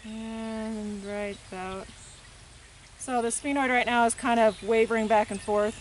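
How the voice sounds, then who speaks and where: Soft-spoken woman explaining hands-on work. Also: fairly high pitch, fairly even intonation, a little fast, a little hiss or hum. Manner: soft-spoken, murmurs gently to the horse between explanations. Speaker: equine therapist. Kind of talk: hands-on demonstration narration. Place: outdoors with a horse, rural setting.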